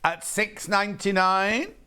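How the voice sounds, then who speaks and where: A man's voice: high-pitched, slow, sharp tone, clear, resonant tone. A man presenting on a live shopping channel, chatting, gushing over fabrics and joking with the crew behind the camera. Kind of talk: live TV sales chat. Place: TV studio.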